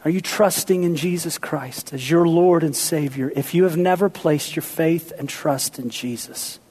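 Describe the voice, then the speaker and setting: A pastor delivers a sermon at a moderate pace in a husky male voice on the high side. He sometimes banters playfully with the congregation and sometimes lowers his voice to hushed, intense appeals.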